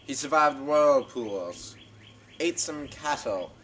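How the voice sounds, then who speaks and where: A man's voice: mid-range voice, expressive, takes it slowly, fairly bright tone. Young man, casual comedic narration, flippant, offhand, noisy outdoor audio. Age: young adult.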